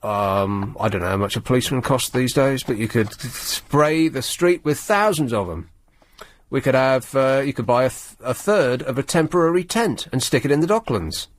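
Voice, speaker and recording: A man's voice: mid-range voice, expressive, no echo. Sardonic male radio host. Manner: sardonic, rambling, halting. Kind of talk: late-night talk radio monologue. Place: radio studio.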